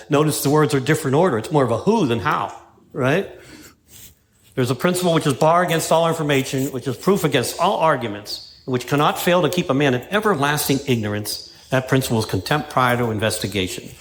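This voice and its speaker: In a meeting room, an AA speaker from Pittsburgh shares his recovery talk through stories and passages read aloud, often asking "right?" or "you know?" He has a mid-range voice, and there's slight background noise.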